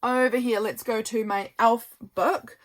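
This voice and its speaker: A woman's voice: fairly high pitch, fairly even intonation, unhurried. A woman, a journal maker, chatting casually while showing her work, gushing and a little tired. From New Zealand. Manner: chatty, gushing, softly rambling. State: tired, yawning. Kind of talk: casual craft show-and-tell.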